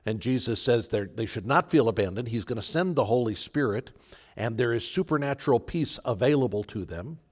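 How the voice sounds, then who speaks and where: A man's voice: mid-range voice, expressive, brisk, breathy edge. Male pastor, mid-range voice, emphatic earnest sermon delivery. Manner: earnest, emphatic preaching with repeated phrases.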